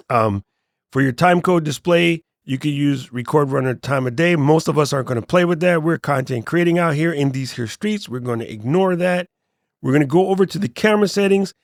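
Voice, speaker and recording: A man hosting a casual tech tutorial, relaxed and joking, often letting his voice drop off at the ends of sentences. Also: medium pitch, no echo, clean studio sound. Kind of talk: casual screen walkthrough tutorial.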